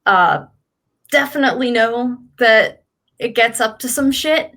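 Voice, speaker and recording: A woman's voice: fairly high pitch, animated, measured pace, fairly bright tone. A woman speaking in character during a tabletop role-playing game, earnest and matter-of-fact.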